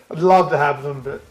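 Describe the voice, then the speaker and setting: Animated man on a podcast. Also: fairly high pitch. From Australia. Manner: animated, acts out quoted people, swears, laughs. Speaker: podcast co-host. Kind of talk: casual chat.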